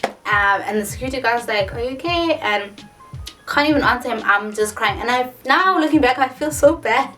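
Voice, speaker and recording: A South African woman in her twenties, a vlogger telling a story in a casual, animated way with lots of "like". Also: a little high, normal speed. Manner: animated, dramatic retelling with many filler likes. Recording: distant mic with faint music.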